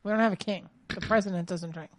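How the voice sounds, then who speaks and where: A woman's voice: medium pitch, steady tone, fast talker, no echo. A woman co-hosting a radio talk show, trading blunt, dismissive quips in casual chat.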